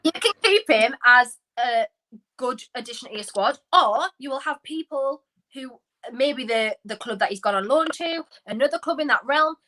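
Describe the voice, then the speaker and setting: A woman co-hosting a podcast, giving animated, opinionated football banter in casual chat. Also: sits high, low-quality recording. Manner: animated, opinionated, quick asides. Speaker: podcast co-host.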